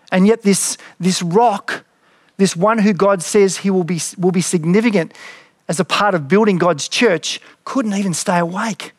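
A man's voice: high voice, moderate pace, no echo, studio quality. A man, a pastor, preaching a sermon in an earnest, reflective way and reading scripture dramatically.

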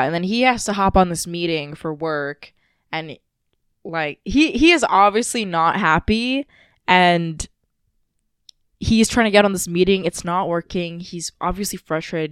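Woman, podcast co-host, lower voice, smooth, rambling emotional storytelling, dry close sound. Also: normal speed, fairly bright tone, no room sound. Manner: emotional, rambling retelling with frequent fillers. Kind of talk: casual storytelling chat.

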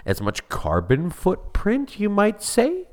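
A man's voice: high voice, huge pitch swings, slow pace, darkish tone. Wry bickering man, casual podcast chat. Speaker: podcast co-host.

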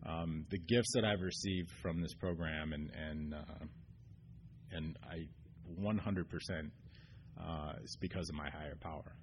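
A man telling his recovery story at a meeting, earnest and halting, full of ums and restarts. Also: a bass voice, fairly even intonation, a little hiss or hum. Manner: earnest, getting choked up. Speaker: AA meeting speaker. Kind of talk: personal recovery share. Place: meeting room.

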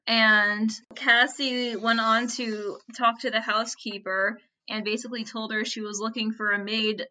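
A woman's voice: on the high side, bright, forceful tone. A woman co-hosting a podcast, casually telling a history story with chatty asides and laughter. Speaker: podcast co-host.

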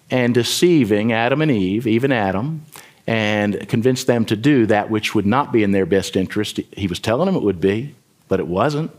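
Emphatic male pastor preaching. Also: mid-range voice. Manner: preaching with sudden loud emphatic bursts; mimics voices in quoted asides. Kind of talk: sermon.

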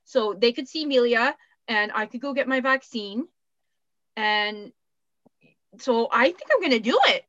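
A woman's voice: on the high side, measured pace, pauses often, a bit bright, no echo. Chatty rambling woman, muffled dry sound. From Canada. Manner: rambling, self-deprecating, swears casually. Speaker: podcast co-host. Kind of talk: casual chat. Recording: muffled dry home recording.

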